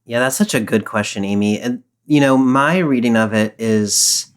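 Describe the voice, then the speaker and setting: A man co-hosting a podcast, explaining a psalm in a measured, patient way and quoting its verses. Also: mid-range voice, smooth. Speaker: podcast co-host and Bible scholar. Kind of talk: casual discussion.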